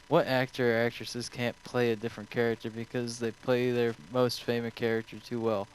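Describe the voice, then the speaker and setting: A man's voice: medium pitch, little pitch movement, moderate pace, clean tone, poor audio. A young man streaming, answering viewer questions in a rambling, offhand way full of swearing. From United States.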